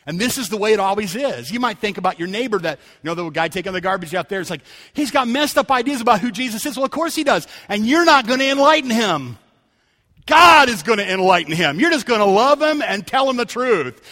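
High, bright-voiced man preaching in a hall. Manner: storytelling, conversational with rising emphatic calls. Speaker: pastor. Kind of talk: sermon. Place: church sanctuary. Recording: church hall reverb.

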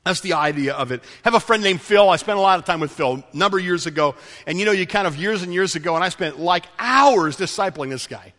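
A man preaching a sermon as pastor, passionate, swinging between loud pleading and quiet storytelling, in a church sanctuary. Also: high-pitched, lively intonation, fast talker, long reverb tail.

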